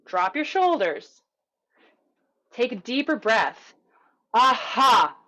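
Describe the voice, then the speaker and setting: A young adult woman coaching an online group voice lesson, calm and encouraging as she talks through breathing and resonance exercises. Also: mid-range voice, moderate pace. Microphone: video call mic.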